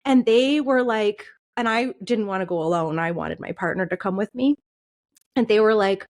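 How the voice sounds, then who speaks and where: Speaking at medium pitch and moderate pace, a thirtysomething podcast guest openly recounts something painful she went through, frequently laughing and starting her sentences over.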